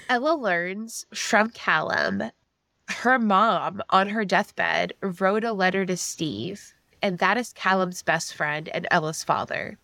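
A woman's voice: mid-range voice, slow pace, vocal fry, bright, forceful tone, no echo. A woman co-hosting a podcast, retelling a book's plot in casual chat with dry humor. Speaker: podcast co-host. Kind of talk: casual book recap chat.

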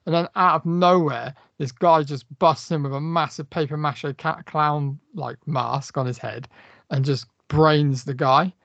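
A gravelly man in casual podcast chat, loose and profane as he walks through a movie scene. The sound is dry and close, a little dull in the top end. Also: fairly high pitch, unhurried, dry recording. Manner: animated, swearing, retelling film scenes with quoted lines. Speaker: podcast co-host.

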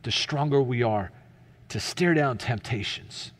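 A man preaching a sermon as pastor, earnest and emphatic, then dropping to a soft, hushed delivery. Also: mid-range voice, unhurried, big-room sound.

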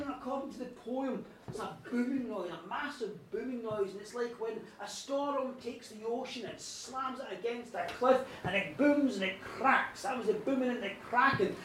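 A man telling a story at a live show, playful and dramatic, with lots of pauses. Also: extremely high pitch, fairly bright tone, slight background noise. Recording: roomy live recording from a distance.

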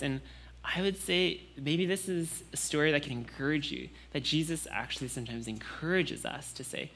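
A young man preaching a Sunday sermon in a relaxed, conversational way, with casual fillers and restarts. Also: fairly high pitch, moderate pace.

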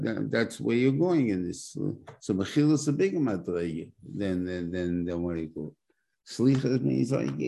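A man's voice: deep voice, vocal fry, mellow, husky, poor audio. A man, a rabbi, giving a conversational weekly Torah class that is full of rhetorical questions and "right?" check-ins. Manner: explains by plain everyday examples.

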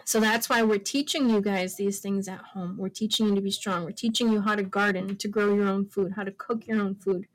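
A woman's voice: mid-range voice, steady tone, fairly quick, few pauses, poor audio. A woman hosting a homeschooling podcast, chatting casually with her children and then leading an earnest prayer with many fillers. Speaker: podcast host and homeschooling mother. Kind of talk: casual family chat and closing prayer.

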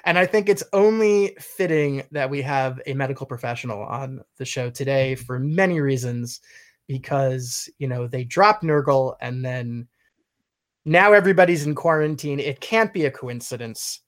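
A man hosting a casual podcast chat from home, jokey and excitable with quick riffs. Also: mid-range voice. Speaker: podcast host.

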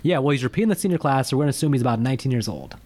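A man's voice: medium pitch, racing. A man co-hosting a casual movie review podcast, joking and ranting with rising emphasis. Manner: animated, jokey, rants with rising emphasis. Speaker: podcast co-host.

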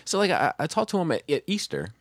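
A man's voice: on the high side, sing-song, fast, dry recording, studio quality. A man hosting a casual podcast chat, telling stories animatedly with lots of swearing and stammered restarts. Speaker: podcast host.

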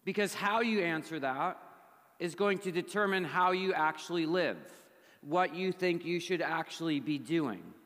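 A male pastor with a slightly hoarse voice, preaching a conversational sermon to his gathering and asking them questions. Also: a little high, measured pace, a bit bright. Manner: conversational, asks the audience questions. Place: church gathering hall. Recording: long reverb of a large hall.

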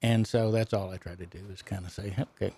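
An older man from the Texas Panhandle with a Texas accent, answering in a relaxed, folksy interview style. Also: sits low, quick pace, breathy edge. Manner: folksy, self-deprecating storyteller. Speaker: guest, economist and speaker.

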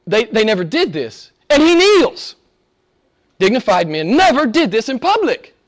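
A male pastor preaching a sermon, emphatic, swinging between loud exclamations and hushed asides. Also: high voice, big pitch swings, moderate pace.

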